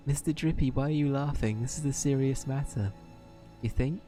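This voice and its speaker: A man's voice: medium pitch, normal speed, dark tone, soft background music, voice pushed up, lightly acted. A man voicing an earnest young boy hero in a game, speaking politely and with worry. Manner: earnest, questioning.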